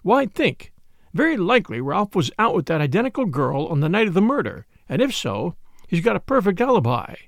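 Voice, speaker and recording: A man voicing a brisk, gossipy middle-aged spinster sister who speaks in a complacent, self-important, knowing way. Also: high-pitched, very animated, vocal fry, no room sound, clean studio sound, heavily acted. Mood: self-satisfied. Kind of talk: audiobook character voice.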